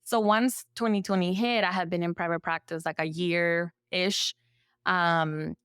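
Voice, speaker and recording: A woman therapist from El Salvador, speaking as a podcast guest in a relaxed storytelling way, full of "like" fillers and lively acted-out quotes. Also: on the low side, a little slow, clean tone, dry recording, studio quality. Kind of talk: conversational storytelling.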